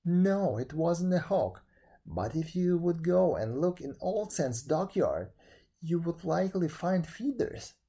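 A man's voice: fairly high pitch, animated, slow pace, mellow, husky, pitched above the performer's own voice, full character voice. A man voicing a guilty old miser who wails and begs to be scolded, in a storybook reading. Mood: insistent. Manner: wailing, begging, anxious.

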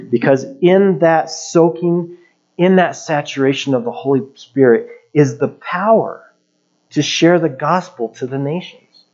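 A man's voice: medium pitch, darkish tone, dull audio. A middle-aged male pastor giving a sermon in a conversational, plainspoken way.

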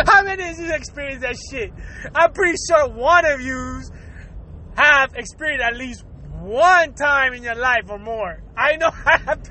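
A man's voice: very high voice, sharp tone. A man telling a crude comedic story to his viewers, laughing constantly through his words and acting out noises.

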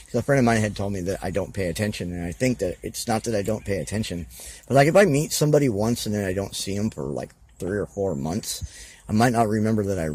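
A man's voice: fairly low pitch, fast talker, a little mellow, husky. A man talking as a podcast guest in a loose, rambling way, full of fillers and restarts. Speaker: guest, professional wrestler. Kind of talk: casual podcast interview.

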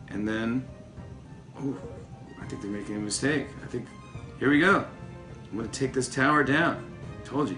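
Excitable man trash-talking over gameplay. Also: medium pitch. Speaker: talk show host. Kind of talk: casual mobile game commentary.

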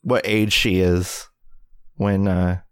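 Chatting eagerly as a podcast co-host, a man rambles and fills his speech with ums and uhs. His voice sits low with a clean tone and flat delivery, and he speaks slowly. There's no echo.

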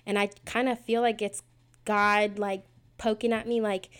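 In her twenties, this woman hosts her own casual prayer podcast, rambling and poking fun at herself with plenty of fillers. Her medium-pitched voice is smooth and fairly bright, delivered flatly at a moderate pace.

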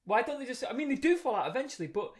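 A man's voice: very high-pitched, racing. A man co-hosting a podcast, telling stories with lots of energy and laughing often. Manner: animated storyteller, laughing often. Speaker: podcast co-host. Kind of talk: casual chat.

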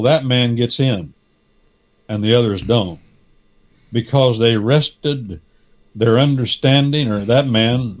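Slow, deliberate preaching man. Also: mid-range voice. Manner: deliberate, tells parables and acts out the characters' voices. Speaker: guest Bible teacher on a radio show. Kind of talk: preaching-style radio talk.

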